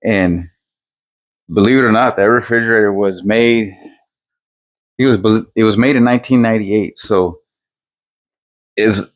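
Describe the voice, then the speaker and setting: With no room sound, a medium-pitched older man rambles easygoingly into his phone camera. The vlogger is outdoors beside his garage working on a fridge, filming a casual day-in-the-life vlog and talking to himself as he goes.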